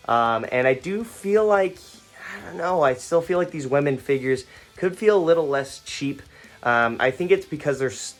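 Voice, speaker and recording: A young man hosting a casual action-figure unboxing review, rambling with lots of fillers and restarts, a little foggy and stuttering. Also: mid-range voice. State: stuttering, foggy after a fight.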